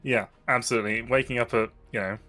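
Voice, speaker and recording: A man commentating a live esports tournament in a measured, dryly teasing way. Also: medium pitch, steady tone, bright, forceful tone, faint music behind. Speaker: esports caster.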